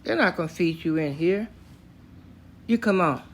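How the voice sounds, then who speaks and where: A man's voice: fairly high pitch, normal speed, a little hiss or hum, voice pushed down, natural voice. Older man voicing a menacing Southern lawman. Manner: curt, menacing commands. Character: stern, threatening white Southern lawman, grown man.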